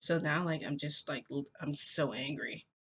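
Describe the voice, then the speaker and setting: A woman's voice: sits low, steady tone, moderate pace, fairly bright tone, a little hiss or hum. A woman vlogger telling a personal story in casual chat, rambling with lots of fillers and restarts.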